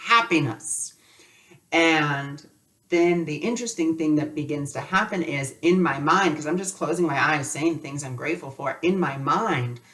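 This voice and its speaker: A man's voice: a little high, fairly bright tone, far from the mic. A man teaching a spiritual lesson in a loose, conversational way, telling personal stories with lots of casual fillers.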